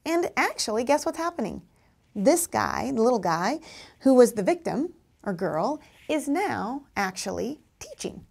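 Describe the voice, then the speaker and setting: A woman's voice: on the high side, big pitch swings, measured pace, creaky, darkish tone, slightly rough. A woman teaching parents and teachers how to respond to children, acting out kids' voices and adult replies. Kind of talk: instructional talk to parents and teachers.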